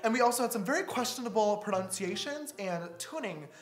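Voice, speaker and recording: A man's voice: high voice, expressive, a little fast. A man in his twenties giving a sassy, mocking commentary as he reacts to his old videos. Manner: sassy, mocking, with lots of laughing. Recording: echoey room.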